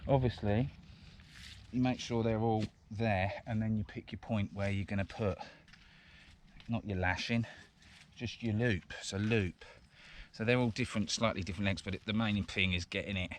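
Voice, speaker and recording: Low-voiced, chatty man outdoors. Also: fairly even intonation, normal speed. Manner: rambling and chatty, with frequent chuckles. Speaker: bushcraft vlogger. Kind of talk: casual outdoor chat and demonstration. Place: woodland outdoors. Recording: outdoor background noise.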